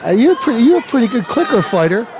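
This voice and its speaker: A man's voice: very high voice, fast, crowd noise. A man hosting his show, hyping the event and interviewing people in a playful, hammy showman manner. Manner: animated, playful hype-man delivery. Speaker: show host.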